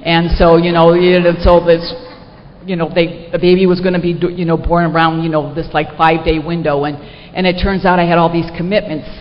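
A middle-aged woman sharing a personal story with an audience at a recovery meeting, in an animated, self-mocking way with lots of fillers. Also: lowish voice, a little fast. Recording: echoey hall, dull lo-fi sound, faint noise.

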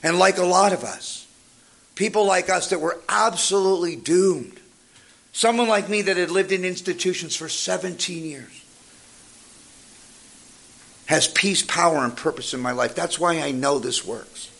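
A man's voice: sits high, a little slow, vocal fry, long pauses. A man giving a humorous motivational recovery talk, telling stories with energy and jokes. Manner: energetic joking storyteller. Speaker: recovery speaker.

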